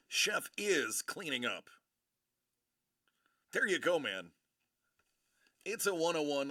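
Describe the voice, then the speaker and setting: A man hosting a livestream, giving excitable, playful commentary as he opens trading card packs into a streaming mic. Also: fairly high pitch, no echo, clean studio sound. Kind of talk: live card-break commentary.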